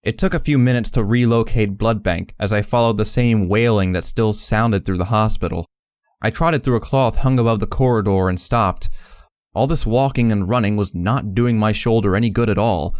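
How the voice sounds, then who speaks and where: Man, audiobook narrator, first-person story, measured, low pitch, dry sound. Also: a little mellow, no room sound. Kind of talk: first-person fan fiction audiobook reading.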